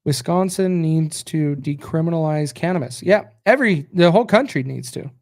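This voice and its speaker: Tired, rambling American man, fairly high voice. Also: moderate pace, darkish tone. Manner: rambling, reacts aloud to results and chat. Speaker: podcast host. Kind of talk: casual live-stream chat reading viewer comments.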